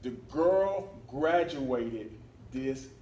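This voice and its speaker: A man tells a lively personal story to a meeting, acting out other people's words and laughing along the way. He sounds a little far from the microphone, and the hall adds a roomy echo over a faint murmur of ambience. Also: medium pitch, very slow, a little hiss or hum. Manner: animated, breaks into laughter, acts out quotes. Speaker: speaker at a club meeting. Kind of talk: storytelling talk.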